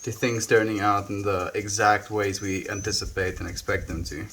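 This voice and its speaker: A young South African man chatting softly and reflectively with viewers on a live stream, often trailing off with "you know". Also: on the low side, little pitch movement, moderate pace, a little hiss or hum. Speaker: livestreamer. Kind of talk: casual live-stream chat.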